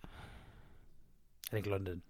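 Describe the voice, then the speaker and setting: A man's voice: extremely slow, a little mellow. An Irish man co-hosting a podcast in casual chat, easygoing and jokey, steering from one segment to the next. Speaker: podcast co-host.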